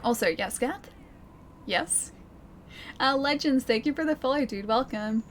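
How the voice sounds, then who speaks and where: A woman's voice: sits high, a little slow, a little hiss or hum. An Australian woman streaming a game, chatting casually with her viewers and laughing often. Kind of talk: casual live-stream chat while gaming.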